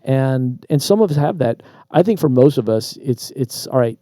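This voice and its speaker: A man co-hosting a podcast, casually telling a personal story with lively asides and repeated words. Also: mid-range voice, normal speed, dry recording, clean studio sound. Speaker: podcast co-host. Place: Traverse City, Michigan.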